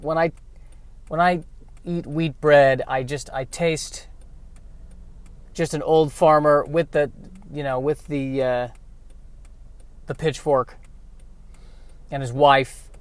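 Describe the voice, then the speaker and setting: A man's voice: a little high, slow, long pauses, no echo. Rambling man musing while driving. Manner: meandering, self-interrupting, wry. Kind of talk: rambling comic monologue. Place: inside a car while driving.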